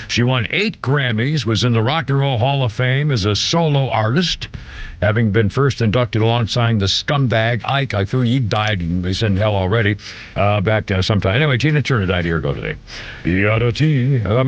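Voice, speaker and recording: A man's voice: medium pitch, a bit bright. A man hosting a live radio talk show, rambling and irreverent with blunt asides. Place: radio studio.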